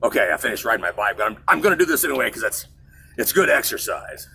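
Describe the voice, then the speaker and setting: Husky-voiced rambling male show host. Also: mid-range voice, very animated, fast, sharp tone. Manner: digressive, self-mocking, loses his thread. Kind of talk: casual rambling monologue.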